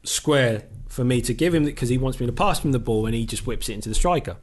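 A former footballer from England, a podcast guest telling a story in casual chat, animated and swearing freely as he acts out what was said. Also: mid-range voice, fast.

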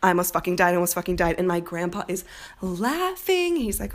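A young woman hosting a podcast, telling a personal story in a candid, profane, animated way. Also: lowish voice, brisk. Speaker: podcast host. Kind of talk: casual storytelling monologue.

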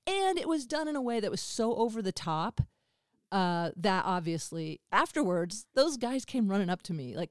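Podcast host, woman in her fifties, animated storyteller, clear tone, dry recording. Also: medium pitch, fairly quick, no room sound. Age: 50s. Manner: animated, swears freely, acts out dialogue. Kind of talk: candid conversational storytelling.

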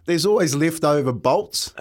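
A man's voice: fairly high pitch, unhurried. Laid-back New man chatting. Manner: relaxed, chuckling, slangy. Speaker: radio co-host. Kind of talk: casual banter.

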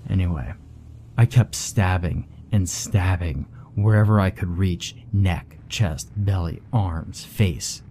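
A man narrating a horror story in a grave, measured first-person telling. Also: deep voice, dark tone, slight background noise. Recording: faint background music.

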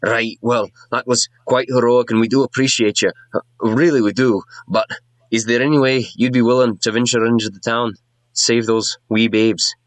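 A man's voice: mid-range voice, steady tone, moderate pace, no room sound, voice pushed up, natural voice, low-quality recording. Casting: courteous dwarf woman begging heroes for help, voiced by a man. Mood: pleading. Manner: polite, pleading. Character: female dwarf townsfolk leader, polite and hopeful.

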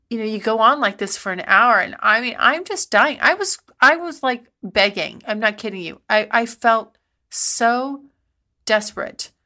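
A middle-aged woman with a fairly high, sharp voice hosts a podcast. She tells frank personal stories in a rambling, breathless way and laughs often.

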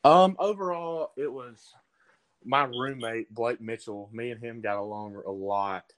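A teenage baseball recruit with an Alabama accent, answering interview questions in a halting way with lots of ums. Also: male voice, mid-range voice, fairly bright tone, poor audio. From Southern US. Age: teens. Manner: halting, with many ums and restarts.

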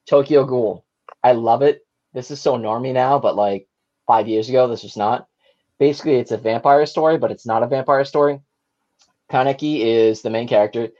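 A slightly tipsy man co-hosting a podcast over a video call, excitedly rambling through plot summaries in casual chat. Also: medium pitch, normal speed, dull audio. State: a little tipsy. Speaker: podcast co-host.

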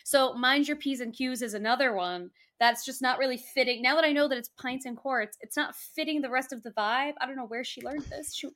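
Woman, podcast co-host, high voice, enthusiastic, casual chat. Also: fairly bright tone. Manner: enthusiastic, quick reactions.

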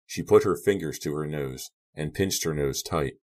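Deep-voiced man narrating an audiobook. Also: normal speed, hardly any pauses, darkish tone.

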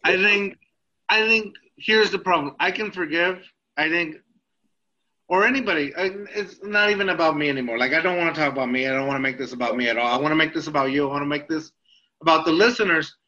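A man's voice: fairly high pitch, fast talker, sharp tone, dull audio. A man hosting a podcast, a teacher, talking in a hesitant way and searching for his words. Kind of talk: casual podcast interview.

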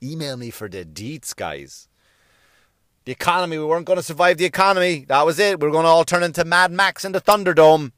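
A man's voice: on the high side, expressive, brisk, a bit bright, no echo, clean studio sound. A man, ranting sarcastically with lots of swearing and rhetorical questions in a comic monologue. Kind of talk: profane comic rant.

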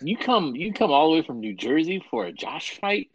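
Male co-host, husky and animated, quick reactions. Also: on the high side, no echo, muffled recording. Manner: reactive, chiming in with short replies. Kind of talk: casual chat.

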